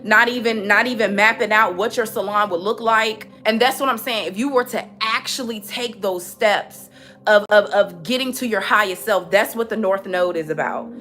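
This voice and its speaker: A woman's voice: medium pitch, normal speed, bright, forceful tone, faint music behind. A young woman giving a spiritual reading in a frank, chatty way, often repeating herself when she gets going. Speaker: tarot reader. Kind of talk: spiritual reading, casual monologue.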